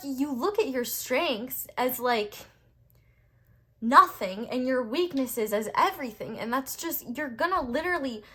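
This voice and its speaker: A woman's voice: high-pitched, husky. A young woman giving a tarot reading, talking casually, bluntly and passionately, with lots of "like" and a fired-up edge. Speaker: tarot reader.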